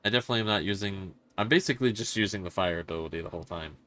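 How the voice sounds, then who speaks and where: Talking very fast in a low, pushed, bright voice, a man live-streams a horror game. His casual commentary is blunt and full of swearing as he tries to make sense of a confusing match, criticizing himself along the way.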